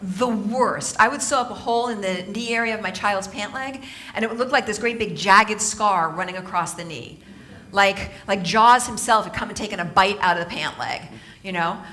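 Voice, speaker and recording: A woman from Southern California giving a humorous inspirational talk on stage to a live audience, telling animated stories and laughing often. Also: medium pitch, moderate pace. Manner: animated storytelling, laughing often, playful asides. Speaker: motivational speaker and author.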